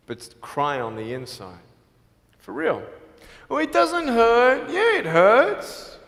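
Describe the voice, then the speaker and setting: Male motivational speaker, fairly high voice, animated storyteller, echoing hall. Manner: animated storytelling, acting out the people in his story; playful jokes mixed with earnest appeals. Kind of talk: motivational speech to a live audience.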